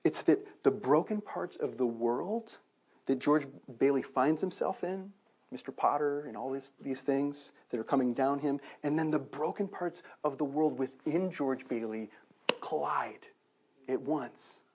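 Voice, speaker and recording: Husky-voiced man preaching a sermon. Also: medium pitch, a little slow. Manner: animated, conversational preaching with rhetorical questions. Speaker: pastor.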